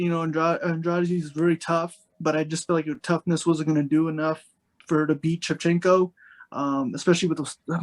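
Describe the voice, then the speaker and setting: High-voiced man rambling in a podcast chat. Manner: rambling, many fillers and restarts. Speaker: podcast co-host. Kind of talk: casual podcast discussion.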